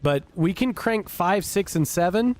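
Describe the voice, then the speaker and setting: A man's voice: high voice, expressive, measured pace, darkish tone. A man streaming a space game, chatting casually with teammates in a blunt, profane, ranting way. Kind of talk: casual gaming chat.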